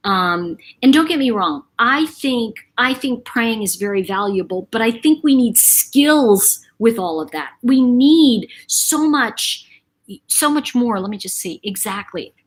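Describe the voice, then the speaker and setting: A woman's voice: fairly high pitch, breathy edge. A middle-aged woman hosting a casual live chat, talking in a rambling, chatty way to her viewers. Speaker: livestream host.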